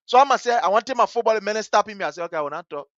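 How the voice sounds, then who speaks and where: A man with a Liberian English accent hosting a talk show. He tells a story with passion, swinging between hushed and loud. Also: sits high, expressive, rapid-fire, no echo, muffled recording. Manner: vivid, story-driven. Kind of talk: animated radio commentary with storytelling.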